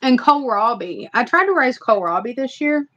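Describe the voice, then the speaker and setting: A woman's voice: fairly high pitch, very animated, normal speed, fairly bright tone. A woman hosting a casual livestream, chatting and rambling to her viewers. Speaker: livestream host. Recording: slightly muffled lo-fi audio.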